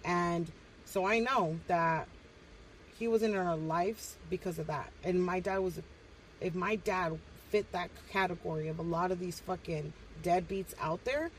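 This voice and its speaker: A woman's voice: lowish voice, moderate pace, distant mic, a little hiss or hum, low-quality recording. A woman guesting on a podcast, telling stories casually and bluntly, swearing heavily and slipping into Spanish. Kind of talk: casual, profane storytelling.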